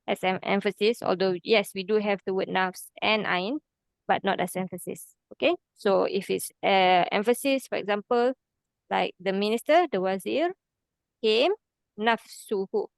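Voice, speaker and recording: A woman's voice: medium pitch, moderate pace, vocal fry, no room sound. A woman, teaching an Arabic grammar class patiently, step by step, with frequent "okay"s. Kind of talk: online class explanation.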